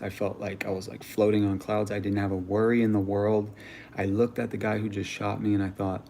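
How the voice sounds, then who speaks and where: A young man hosting a livestream, telling a personal story in casual chat, animated and slangy, with some swearing. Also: fairly low pitch, normal speed, a little hiss or hum. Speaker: livestream host. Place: home.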